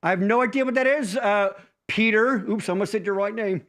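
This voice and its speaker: High-voiced, profane joking man. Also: fairly quick, a bit bright. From Pennsylvania, USA. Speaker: podcast host. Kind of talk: casual chat.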